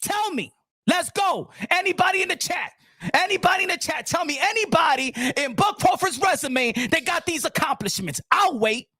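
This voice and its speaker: A man hosting a boxing channel's live stream, ranting in a loud, heated voice and repeating lines for emphasis in profane street slang. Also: extremely high pitch, expressive, normal speed, dry recording, clean studio sound.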